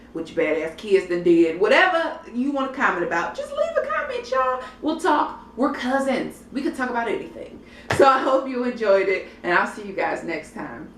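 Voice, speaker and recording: A woman's voice: mid-range voice, distant mic. A young adult woman reviewing a reality show in a casual vlog, blunt and profane, chatting straight to her viewers. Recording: roomy echo, off-mic, faint background noise.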